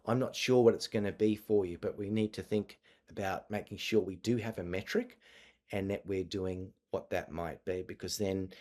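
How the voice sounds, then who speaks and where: A man's voice: deep voice, steady tone, normal speed, a little mellow. A man presenting an online marketing masterclass over a video call, talking conversationally with frequent fillers and restarts.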